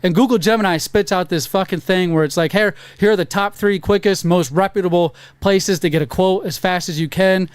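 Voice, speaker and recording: A man on a casual podcast, telling a profane story with animated acted-out quotes. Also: sits high, fairly quick, hardly any pauses, smooth, no echo. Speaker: podcast co-host. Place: podcast studio.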